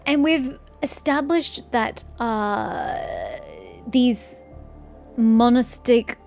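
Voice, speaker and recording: A female gaming streamer gives sarcastic, sweary let's-play commentary, ranting about the game as faint game music plays. Her voice is on the high side, creaky, and a bit dark in tone.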